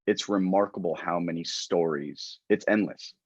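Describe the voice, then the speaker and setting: A man co-hosting a podcast, telling stories in a jokey, drawn-out way in casual chat. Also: low voice, husky, no room sound, dull audio. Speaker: podcast co-host, gym staff.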